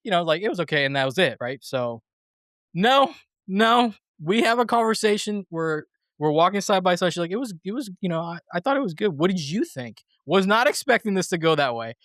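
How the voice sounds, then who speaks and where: A man's voice: high voice, sing-song, brisk, fairly bright tone, no echo, clean studio sound. A man hosting a movie podcast, telling a story in casual chat with swearing and laughter. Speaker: podcast host.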